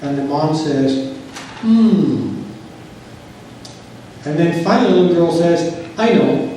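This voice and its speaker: Male trainer, higher voice, measured unhurried delivery, distant mic in a very reverberant room. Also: warm tone, a little hiss or hum. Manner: slow, deliberate, acts out quoted dialogue. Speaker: settlement conference trainer. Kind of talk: training lecture. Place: courtroom or conference room. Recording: far-off mic in a very echoey room.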